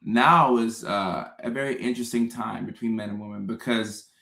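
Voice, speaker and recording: Animated man chatting to live viewers. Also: lowish voice, moderate pace, gravelly. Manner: animated, repeats words, acts out his own confused thoughts. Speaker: host. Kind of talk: casual livestream talk to viewers.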